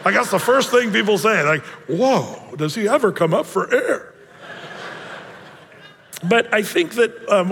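Chatty pastor in a reverberant hall. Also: male voice, high-pitched, a bit bright. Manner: conversational, many fillers, self-deprecating humor. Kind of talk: verse-by-verse sermon at a Bible study. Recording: long reverb of a big hall.

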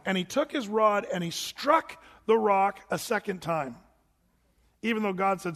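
A man preaching a sermon as a pastor, conversational and animated, with casual asides. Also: sits high, normal speed. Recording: long hall reverb.

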